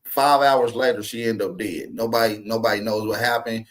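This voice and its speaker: A man's voice: lowish voice, steady tone, moderate pace. A man hosting a casual panel talk, explaining at length in street slang and often asking whether his listeners follow him.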